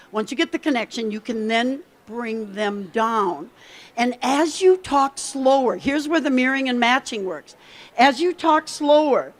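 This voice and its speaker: A woman giving a lively conference workshop talk, coaching the audience directly from the stage. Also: high voice. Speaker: keynote speaker.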